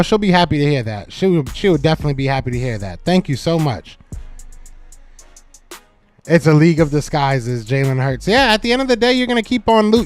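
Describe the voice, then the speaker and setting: A man hosting a sports talk live stream, answering his chat with teasing jabs that he repeats several times. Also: high voice. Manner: animated, talks back to chat commenters. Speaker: podcast host.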